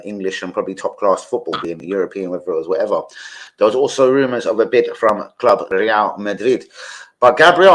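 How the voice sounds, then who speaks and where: A middle-aged man hosting a rambling live stream as a football fan, chatting casually, swearing now and then and giving shout-outs to viewers. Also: medium pitch, a little hiss or hum, rough recording.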